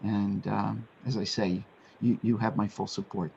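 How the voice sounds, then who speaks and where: A man with a low, gravelly voice gives sincere remarks at a public meeting, stopping and restarting as he goes. His voice is husky, and the audio sounds dull and muffled. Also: flat delivery, darkish tone, slight background noise. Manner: halting and sincere, with many restarts. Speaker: commissioner.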